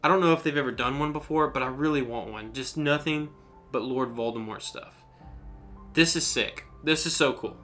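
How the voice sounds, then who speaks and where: A man's voice: medium pitch, normal speed, sharp tone, soft background music. A man hosting an unboxing video, talking in an enthusiastic, rambling way as he gushes over each item. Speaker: unboxing channel host. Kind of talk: excited unboxing commentary.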